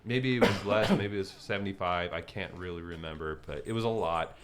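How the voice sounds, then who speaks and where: A man co-hosting, telling a rambling, profane story in casual chat over gameplay, full of "like" and loud acted-out quotes. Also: low voice, fairly quick, crowd noise. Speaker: co-host.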